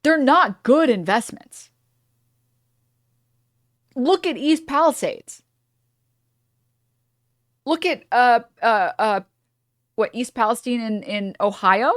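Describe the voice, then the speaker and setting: A woman's voice: fairly high pitch, slow pace, pauses often, no echo, clean studio sound. A woman streamer reacting to clips in casual commentary, profane and rambling, cutting herself off mid-thought. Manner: profane, rambling, self-interrupting.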